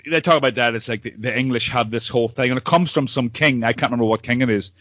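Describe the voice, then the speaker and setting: A man's voice: medium pitch, fast, a bit bright, no room sound, dull audio. A Northern Irish man hosting a podcast over a video call, chatting with old friends in a rambling way, repeating words and swearing freely. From Northern Ireland. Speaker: podcast host. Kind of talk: casual chat among old friends.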